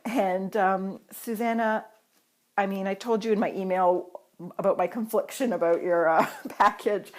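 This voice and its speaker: Woman vlogger from Canada, excitable and gushing, casual chat filmed at home on a tripod camera. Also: mid-range voice, moderate pace.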